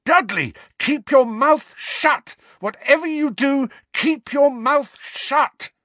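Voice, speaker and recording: A man voicing a desperate teenage wizard, urgent and shouting. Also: very high-pitched, slow pace, no room sound, pitched above the performer's own voice, exaggerated voice. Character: desperate young wizard boy under attack.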